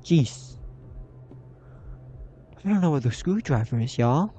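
A high-voiced young man narrates his own horror game run in an unhurried drawl. He is jumpy and easily startled, and talks to himself and his viewers as he plays. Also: animated, warm tone, slightly rough, soft background music. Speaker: gaming channel host. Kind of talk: horror game let's play commentary.

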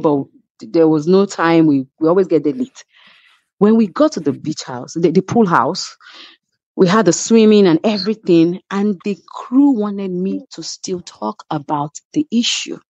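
A woman's voice: lowish voice, a little mellow, dry recording, muffled recording. A woman with a Nigerian English accent, a reality show cast member telling a story emphatically as a guest. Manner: emphatic, acts out others' quoted lines. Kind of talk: animated storytelling.

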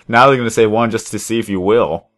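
The gaming host is a young man with a fairly low pitch and a fairly bright tone, talking at normal speed. He chats casually into his headset while playing, rambling in an easygoing way.

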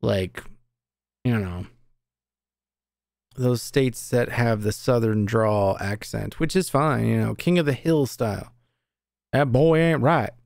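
Gravelly-voiced young man streaming a game. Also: on the low side, takes it slowly, long pauses, a little mellow, no room sound, studio quality. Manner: chatty, profane, talks to chat. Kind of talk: casual live gameplay commentary.

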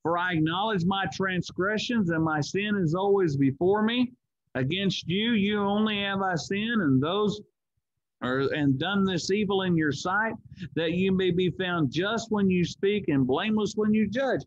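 Male Bible study teacher, higher voice, dull lo-fi church stream, explains scripture with questions. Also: unhurried, no echo. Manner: reads scripture aloud, then explains it with repeated words and rhetorical questions.

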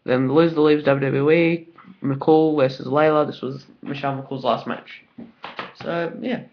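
A man's voice: fairly high pitch, steady tone, unhurried, slight background noise. Upbeat Australian guy, lo-fi home video. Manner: enthusiastic and rambling, many fillers. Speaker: vlogger. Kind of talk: casual unboxing video. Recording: dull lo-fi home recording.

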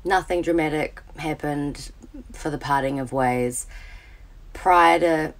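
An Australian woman with a very low voice records a question for the hosts. She lays out her situation in a calm and measured way. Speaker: listener sending a question.

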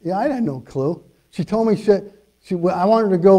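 A male pastor preaching a sermon in a church, telling folksy, humorous stories and getting louder when he exhorts. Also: sits high, animated, fast talker. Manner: storytelling, folksy with humorous asides. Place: church sanctuary.

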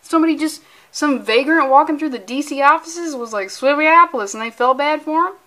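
A woman's voice: high voice, a little fast, a bit bright. A young woman reviewing a comic book in a casual, sarcastic, profane and rambling way. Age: young adult.

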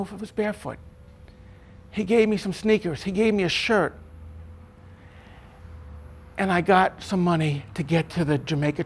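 High-voiced New man telling his story. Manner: earnest, emphatic retelling, acting out the voices in his story. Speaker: interviewee, former corrections officer. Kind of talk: personal storytelling in an interview.

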